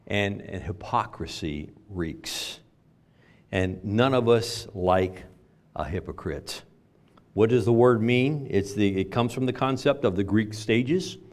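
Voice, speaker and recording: An older man preaching a sermon in a conversational way, with loud stressed phrases and quiet asides. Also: on the low side, slow pace. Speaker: pastor.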